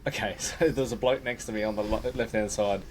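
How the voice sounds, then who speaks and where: A man's voice: lowish voice, fairly quick, a little hiss or hum. An Australian man co-hosting a podcast, telling a story in casual chat, acting out lines of dialogue and swearing. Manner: animated, swears, acts out bits of dialogue. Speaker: podcast co-host.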